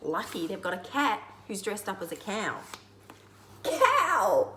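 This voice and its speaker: An older woman reading a children's storybook aloud in a playful, lively way, with laughing asides. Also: medium pitch, normal speed, very noisy. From Australia. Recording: echoey room.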